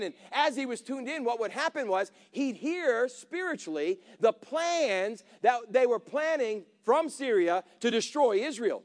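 A man preaching with a strikingly high-pitched voice. He tells the story with energy, acting out the characters and drawing the congregation in with questions. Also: unhurried, few pauses. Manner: animated, acts out characters, calls to congregation. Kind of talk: sermon storytelling.

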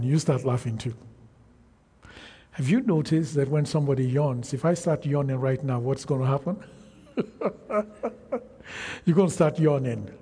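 A man delivers a sermon at a deliberate, unhurried pace, drawing out his phrases and pausing for the congregation to answer. His voice is a little higher than most men's, yet dark and husky in tone. The sound carries the long reverb of a large hall. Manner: slow, emphatic preaching with frequent call-and-response. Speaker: preacher.

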